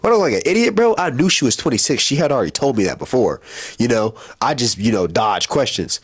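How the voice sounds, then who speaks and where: A young man casually telling a personal story on his vlog, slangy and animated, laughing as he goes. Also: medium pitch, quick pace, slightly rough. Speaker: vlogger.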